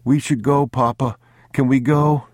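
A man voicing a frightened young boy who clings to his father, pleading in a high, trembling voice. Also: fairly even intonation, measured pace, no echo, close to an everyday voice. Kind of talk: audiobook character voice.

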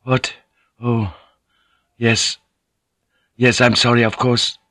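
A man's voice: mid-range voice, level tone, slow, dry recording. Man voicing young male convert, defiant, agitated, dry audiobook recording. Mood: flustered. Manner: defiant, shouting.

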